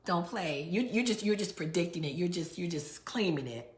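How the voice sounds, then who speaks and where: A woman's voice: fairly low pitch, lively intonation, a little fast, a little mellow. A middle-aged woman from New York, hosting a live book launch, chatting casually and reading out viewer comments. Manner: chatty, repeats words, reads out viewer comments.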